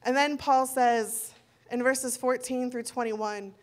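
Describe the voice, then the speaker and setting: A woman's voice: on the high side, fairly even intonation, slow pace. A woman in her thirties preaching a sermon in a conversational way, acting out quoted dialogue as she goes.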